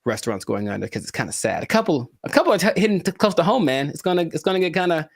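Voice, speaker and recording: A man's voice: on the high side, big pitch swings, very fast, vocal fry, no echo, studio quality. A man co-hosting a casual podcast chat, jokey and theatrical, with mock-emotional asides. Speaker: podcast co-host.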